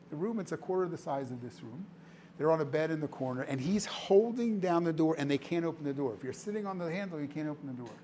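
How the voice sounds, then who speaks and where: A man's voice: a little high, a little hiss or hum. A man giving a storytelling speech to an audience as a charity director, emphatic and dramatic, repeating phrases for effect. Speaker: director of a charity, guest speaker. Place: indoor room before a live audience.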